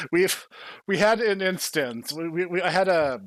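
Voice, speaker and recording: A man hosting a casual podcast, telling stories in a chatty way with quick filler-laden asides. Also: high voice, lively intonation, fairly bright tone, no echo. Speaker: podcast host.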